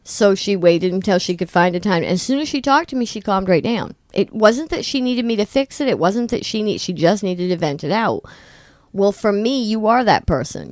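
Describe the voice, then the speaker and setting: A middle-aged woman co-hosting a talk show, telling personal stories in a candid, self-deprecating way with quick restarts. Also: mid-range voice, darkish tone, dry recording, clean studio sound. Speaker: podcast co-host. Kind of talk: casual chat.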